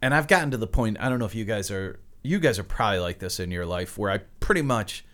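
A man's voice: lowish voice, fast. A man co-hosting a podcast, chatting casually and telling an anecdote with laughs at the punchlines. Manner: animated, laughs through punchlines. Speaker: podcast co-host. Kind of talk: casual chat, storytelling.

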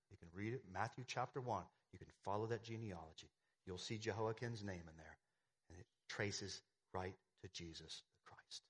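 A man's voice: fairly low pitch, a bit bright. A man preaching a sermon as pastor, emphatic, with repeated phrases and rhetorical questions to the congregation.

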